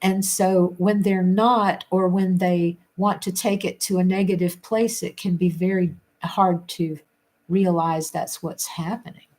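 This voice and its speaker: A woman hosting a casual chat, reading viewer comments aloud and musing with frequent restarts and soft laughs. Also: lowish voice, fairly even intonation, unhurried. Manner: rambling, restarts often, laughs between thoughts.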